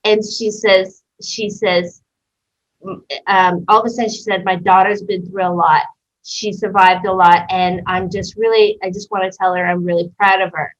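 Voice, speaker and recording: A woman from Canada tells a story in a relaxed interview, lively and blunt, slipping into the voices of people she quotes. Her voice sits at a middle pitch. The sound is dull and lo-fi. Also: normal speed. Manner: animated, acts out voices in quotes, swears freely. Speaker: interview guest. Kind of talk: casual storytelling.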